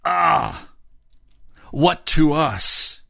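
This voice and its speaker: A man voicing an angry, indignant male evil spirit that claims its territory, in a raised, strained pitch. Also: expressive, slow, vocal fry, exaggerated voice. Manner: indignant, disgusted outcries.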